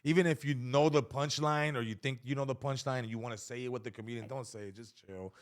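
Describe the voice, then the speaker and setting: Speaking quickly in a mid-range voice, this male comedian spins stories during a relaxed podcast conversation. He performs the quotes as he goes and doesn't hold back on the swearing.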